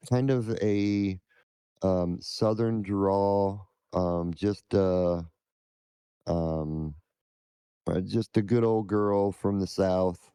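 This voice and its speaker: A man who streams scam-baiting, answering interview questions in a halting, measured way. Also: on the low side, dark tone, clean tone, no echo.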